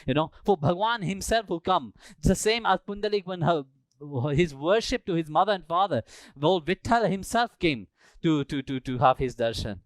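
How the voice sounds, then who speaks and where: A male spiritual teacher telling a sacred story during a live talk in a temple, acting out the characters with animated delivery. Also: high voice, normal speed, no room sound. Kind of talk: storytelling sermon.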